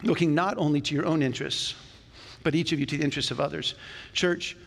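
A male pastor preaching a sermon in a church, talking to the congregation in a conversational, animated way with jokes along the way. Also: fairly high pitch, fast, creaky. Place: church sanctuary. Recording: long reverb of a church hall.

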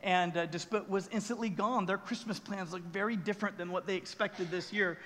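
A man's voice: sits high, fairly even intonation, brisk, fairly bright tone, long reverb tail, a little hiss or hum. A man preaching a sermon as pastor on a church stage, telling a story earnestly and with emotion.

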